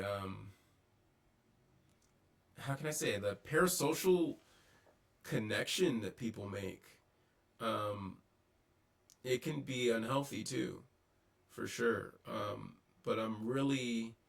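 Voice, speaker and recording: A man with a lowish, gravelly voice talks through his thoughts in a casual vlog. He hesitates often, filling gaps with ums and starting sentences over. The audio is poor, as if the mic sits some distance away. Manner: halting, many ums and restarts. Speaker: vlogger. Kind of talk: casual reflective monologue.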